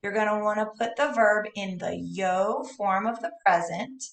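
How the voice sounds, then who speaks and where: Woman teacher, home recording, patient explainer, slightly raspy fry, set back from the computer mic. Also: medium pitch, normal speed. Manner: patient, explanatory, apologetic asides. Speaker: Spanish teacher. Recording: roomy, distant, echoey room.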